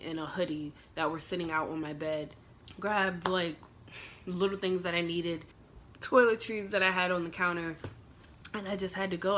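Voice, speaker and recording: A young woman tells a personal story straight to her vlog audience, her voice sitting on the low side. She talks in a loose, emotional ramble packed with "like" and "I'm just like," reliving the moment as she goes. There is a faint hiss of noise under her voice. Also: a bit bright. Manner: emotional retelling, full of "like" fillers. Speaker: vlogger.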